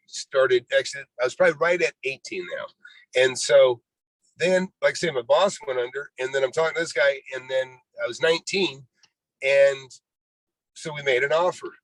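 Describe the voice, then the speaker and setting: In a dry, rough recording, a man in his sixties speaks with a mid-range, slightly bright voice at normal speed. As a real estate investor guest in a storytelling interview, he rambles about his life, leaning on "you know" and acting out dialogue.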